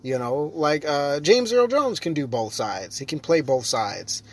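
A man's voice: on the high side, lively intonation, unhurried. A young adult man chatting casually on his own, rambling with lots of fillers and restarts. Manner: rambling, self-correcting, frequent fillers. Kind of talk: casual solo chat.

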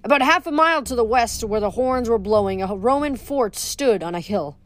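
A woman reading a novel aloud to listeners, careful and steady, with small restarts. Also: on the high side, moderate pace, faint music behind.

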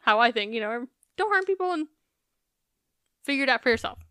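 A woman's voice: high-pitched, expressive, fairly quick, pushed and bright, smooth, no echo, studio quality. A woman co-hosting a podcast, recapping a reality show in casual, chatty talk with some swearing. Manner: chatty, profane, laughs while recapping. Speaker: podcast co-host.

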